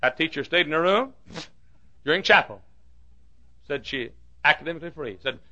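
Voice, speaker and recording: A man preaching a fiery sermon, swinging from shouts to hushed asides. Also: a little high, animated, normal speed, long pauses, muffled recording. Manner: fiery preaching with sudden shouts and drops to quiet. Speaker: pastor.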